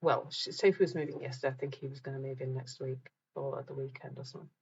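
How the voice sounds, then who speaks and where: A woman's voice: extremely low pitch, steady tone, fast talker, darkish tone, breathy edge, highs cut off. A middle-aged woman hosting a live group talk, chatting casually with viewers, reading out their comments and laughing at herself.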